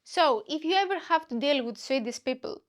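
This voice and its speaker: A woman tells a comic story in a high voice. She hosts her own podcast and talks in an animated way, slipping into the voices of the people she met. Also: a little fast. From Greece. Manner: animated, acts out dialogues with other people. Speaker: podcast host and comedian. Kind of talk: comedic storytelling monologue.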